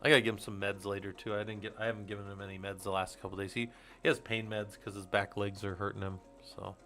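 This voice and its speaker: A man's voice: on the low side, little pitch movement, fast, pushed and bright, faint music behind. A man in his forties hosting a casual livestream, rambling to his viewers, laughing often and swearing casually. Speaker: host of a Linux user group stream.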